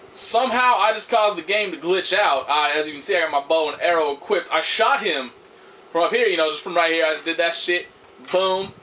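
A young man with a high, bright, sharp voice talks through a video game in a loose, rambling way. He grumbles and swears in frustration. Faint game sound hums behind him. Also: a little hiss or hum. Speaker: gameplay commentator. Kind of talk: casual let's-play commentary.

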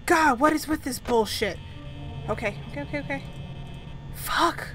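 Jittery high-voiced woman gamer. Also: moderate pace, a bit bright, soft background music, poor audio. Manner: jumpy, swears a lot, babbles nervously. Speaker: gaming channel host. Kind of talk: horror game commentary.

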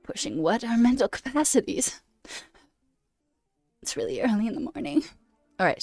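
A woman streaming as a coding host, chatting casually and rambling with self-deprecating asides while her pitch jumps up mid-sentence. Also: clear, resonant tone, dry recording. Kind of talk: casual live-stream chat.

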